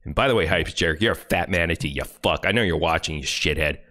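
A man's voice: sits low, fast talker, sharp tone. A man streaming live, reacting to a video in an angry, taunting, profane rant.

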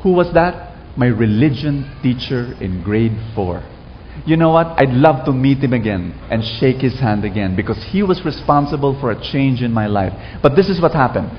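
A man's voice: mid-range voice, lively intonation, moderate pace, a little hiss or hum. A man with a Filipino accent preaching a sermon to a live audience, drawing them into call-and-response. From Philippines. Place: large hall with a live audience. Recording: echoey hall, muffled sound.

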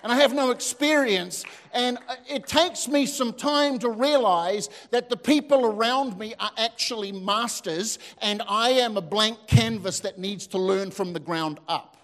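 A man, preaching a sermon as a pastor, telling lively stories with asides to the congregation. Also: high-pitched, unhurried, hardly any pauses. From New Zealand. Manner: animated storytelling with asides to the audience. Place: church hall. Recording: long hall reverb.

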